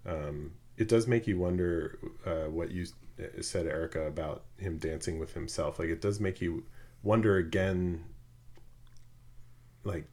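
A man's voice: low-pitched, measured pace, warm tone. A man hosting a film podcast, speaking thoughtfully and hesitantly with many ums. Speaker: podcast host. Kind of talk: casual film discussion.

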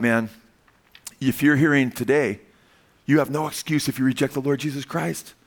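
An older man preaching a sermon as pastor, emphatic, often asking "Amen?" and rising in pitch when he pleads. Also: fairly bright tone.

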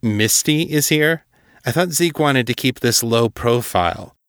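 A man's voice: medium pitch, measured pace, a bit bright, dry recording, voice pushed up. Man reading a wary, dry-spoken man. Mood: guarded. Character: wary, guarded man facing an ex-lover.

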